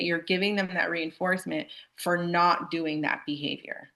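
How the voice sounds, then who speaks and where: A woman's voice: fairly low pitch, fairly even intonation, normal speed, few pauses, fairly bright tone. A young adult woman leads a staff training on student behavior and talks to her audience in a casual, chatty way. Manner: casual, chatty, addresses audience as "you guys". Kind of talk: live staff training presentation.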